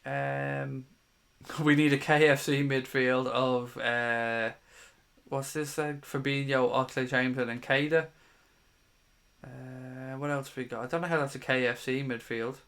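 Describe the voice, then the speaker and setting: A man's voice: medium pitch, steady tone, measured pace, vocal fry, a bit bright, clean tone. A man in his thirties hosting a live stream, casually reading viewer comments aloud in a chatty, matey way and swearing now and then. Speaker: fan channel host.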